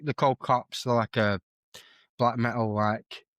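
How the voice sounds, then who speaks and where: A man's voice: mid-range voice, steady tone, unhurried, a bit bright, dry recording. A young man, chatting casually as a podcast guest and telling rambling, self-correcting stories. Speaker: guest streamer and musician.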